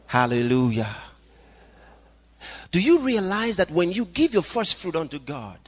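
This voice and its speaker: A man preaching a sermon, reading scripture aloud and swinging between loud calls and hushed asides. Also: on the high side, husky. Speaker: pastor. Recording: long hall reverb.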